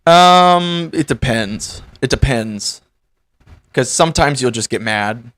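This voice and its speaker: Young male podcast co-host, animated, profane storyteller, dry close mic. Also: medium pitch, takes it slowly, no echo. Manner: animated storyteller who swears freely. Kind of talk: casual podcast chat.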